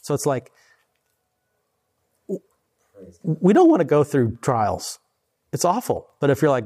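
With a warm voice on the high side and huge pitch swings, a man in his forties gives a conversational, casual sermon. He chuckles between his points and slows down whenever he reads scripture.

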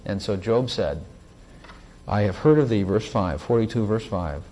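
A man preaching a sermon, praying and sharing testimony, who rises in pitch and volume at emphatic points and reads scripture slowly. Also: lively intonation, mellow. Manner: slow, drawn-out scripture reading.

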